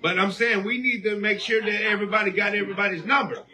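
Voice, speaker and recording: Man, sermon, high pitch, forceful tone, call-and-response shouting. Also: steady tone, fast. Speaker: preacher.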